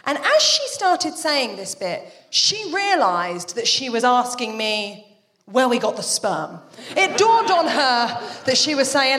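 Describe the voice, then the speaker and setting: Animated, high-voiced female comedian. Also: long reverb tail. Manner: animated, quick storytelling with swearing and asides. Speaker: stand-up comedian. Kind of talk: live stand-up routine.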